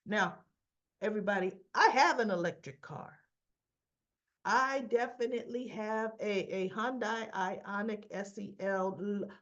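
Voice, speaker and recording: A woman's voice: mid-range voice, muffled recording. A woman hosting a casual soap opera recap, chatty and rambling as she talks through the episode. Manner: chatty, rambling, acting out the characters' lines.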